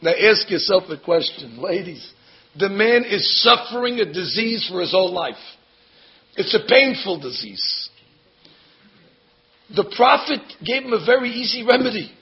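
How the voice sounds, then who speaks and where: A man teaching a Bible lesson to a group of women as a lively storyteller, acting out the characters. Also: high voice, a little slow. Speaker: religious teacher. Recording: dull lo-fi recording.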